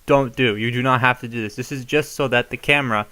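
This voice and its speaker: Young man, chatty toy tutorial, rambling asides, medium pitch. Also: fairly even intonation, fast talker, sharp tone. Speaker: toy reviewer. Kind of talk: casual hands-on tutorial.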